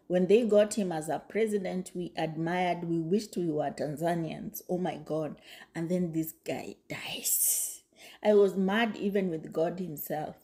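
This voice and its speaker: Slow, mellow woman in emphatic commentary. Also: on the low side, steady tone. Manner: emphatic, repeats herself, exclamations. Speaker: video commentator. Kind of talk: casual commentary to camera.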